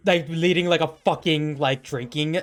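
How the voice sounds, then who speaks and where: A man's voice: on the high side, steady tone, moderate pace. Rambling game master man. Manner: rambling, full of fillers. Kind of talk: narrating a tabletop game.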